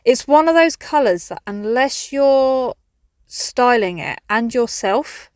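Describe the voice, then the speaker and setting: A woman's voice: fairly high pitch, animated, takes it slowly, dry recording, clean studio sound. A woman chatting casually in a garden vlog, jokey and self-mocking. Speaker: vlogger. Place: outdoors in a garden.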